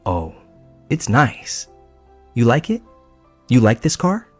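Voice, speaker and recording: A man's voice: mid-range voice, wildly swooping pitch, slow, a little mellow, soft background music, heavily acted. A man voicing a creepy, giggling country woman who talks in an eerily cutesy way.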